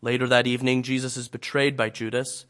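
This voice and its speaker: A man preaching a sermon, telling a scripture story dramatically, swinging from loud to hushed. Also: mid-range voice, level tone, brisk.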